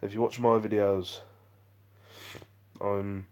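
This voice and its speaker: A man's voice: fairly low pitch, level tone, slow, a little mellow. A man chatting on a live vlog stream, rambling and self-deprecating as he reads out viewer comments. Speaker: vlogger.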